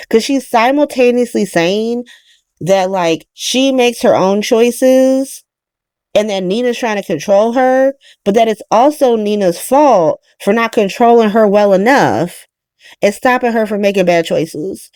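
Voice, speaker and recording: A woman's voice: fairly high pitch, measured pace, a little mellow, no echo, clean studio sound. Profane, sarcastic woman recapping a soap. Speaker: soap opera recap host. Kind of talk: casual recap monologue.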